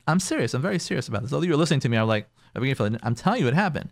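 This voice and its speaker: A man's voice: mid-range voice, big pitch swings, very fast, gravelly, dry recording. A man, a rabbi hosting a call-in advice show, telling a counseling story and giving advice, repeating phrases for emphasis. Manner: acts out quoted people in shifting voices.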